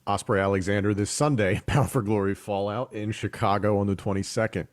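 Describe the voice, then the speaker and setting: A man moderating a press call, brisk and light as he hands over to callers. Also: fairly low pitch, steady tone, no room sound. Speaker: host, moderator.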